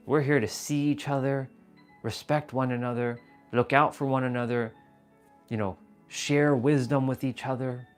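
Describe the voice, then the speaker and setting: A man talks casually to his live stream audience, earnest and blunt, with plenty of swearing and repeated phrases. His voice sits at an ordinary middle pitch. Faint music plays behind him. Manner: earnest, swearing, repeats himself, addresses chat viewers as brother.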